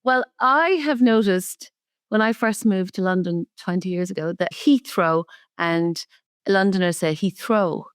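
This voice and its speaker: An Irish woman speaking as a podcast guest, telling animated stories and laughing often. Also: on the low side, unhurried, smooth, dry recording, studio quality. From Ireland. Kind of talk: casual conversational interview.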